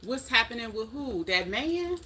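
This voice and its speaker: Middle-aged woman, bright and sharp tone, folksy casual live-stream chatter aimed at viewers. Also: a little high, big pitch swings, measured pace, husky. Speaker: livestream host chatting with viewers.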